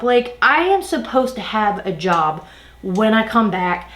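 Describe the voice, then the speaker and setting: A beauty vlogger rants through a casual storytime as she does her makeup, retelling an exasperating work story with animation. She talks unhurriedly in a medium-pitched voice in an echoey room.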